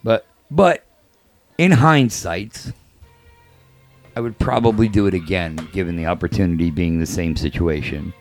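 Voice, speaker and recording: Very deep-voiced man telling a story drily. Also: faint music behind. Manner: measured, dry storytelling. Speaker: race car driver guest. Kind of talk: casual podcast chat.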